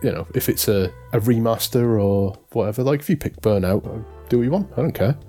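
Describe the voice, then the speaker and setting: A man's voice: medium pitch, brisk, mellow, soft background music. A man co-hosting a podcast, talking in a casual, rambling way and often correcting himself. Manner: rambling, self-correcting, amused. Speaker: podcast co-host. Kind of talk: casual chat.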